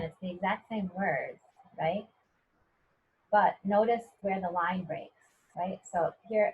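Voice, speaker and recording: Husky American woman teaching poetry. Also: lowish voice. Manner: conversational, often checking in with "right?" and "okay?". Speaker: poet and professor. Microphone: video call. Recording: dull lo-fi video call audio.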